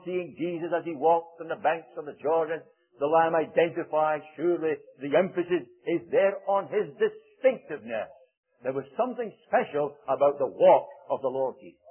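Husky-voiced preacher on a tinny recording. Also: male voice, on the high side. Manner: solemn, with archaic scripture quotations and dramatic pauses. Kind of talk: sermon.

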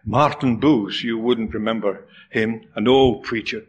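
A man preaching an impassioned sermon, with dramatic pauses, swinging from loud cries to hushed near-whispers. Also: fairly low pitch, steady tone, dull audio, a little hiss or hum.

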